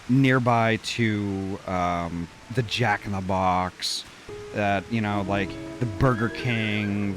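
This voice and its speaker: Rambling man in casual chat. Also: on the low side. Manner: rambling, many fillers. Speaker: streamer. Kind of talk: casual chat while gaming.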